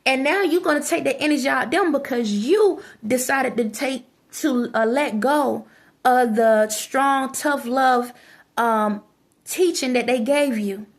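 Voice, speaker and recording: A woman's voice: sits high, unhurried. A woman giving a preachy, scolding monologue to her viewers, repeating phrases for emphasis. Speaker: vlogger. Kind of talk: ranting monologue to camera.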